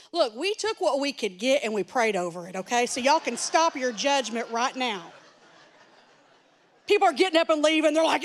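Woman pastor, very high voice, sermon delivered as an animated self-mocking story. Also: moderate pace.

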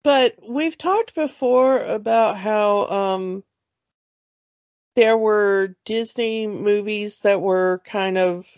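Woman, podcast co-host, casual movie chat, rambling, slow, dry and a little dull sound. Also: medium pitch, a little mellow, dry recording. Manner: chatty, rambling with restarts and laughs.

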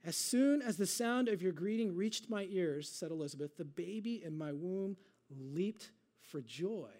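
A man preaching a sermon, moving between conversational asides and slow, dramatic readings of scripture. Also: high-pitched, animated, a little mellow. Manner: dramatic readings with slowed, drawn-out emphasis. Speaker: pastor.

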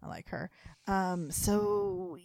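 A woman's voice: lowish voice, takes it slowly, creaky, a little mellow, no room sound, studio quality. A woman co-hosting a podcast, chatting loosely about a TV episode with lots of asides. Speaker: podcast co-host. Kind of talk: casual chat recapping a TV episode.

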